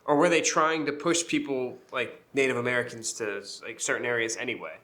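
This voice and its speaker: A man co-hosting a casual podcast asks hesitant follow-up questions. His voice is bright and forward, and his phrasing stops and restarts as he works out what he wants to ask. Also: medium pitch, a little fast. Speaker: podcast co-host. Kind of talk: casual conversation.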